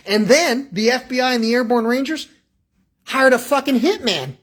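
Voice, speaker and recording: A man's voice: extremely high pitch, moderate pace, fairly bright tone. A man calling in to a radio show with a rambling, agitated, profane rant that jumps between thoughts and acts out little exchanges. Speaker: caller.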